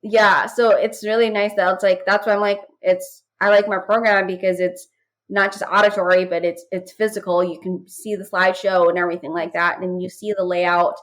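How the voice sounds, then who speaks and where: A woman in her thirties, a parenting course creator talking with a podcast host, who tells stories in a lively, casual way full of asides. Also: medium pitch, fairly quick, low-quality recording. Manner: animated storytelling, many "I was like" asides.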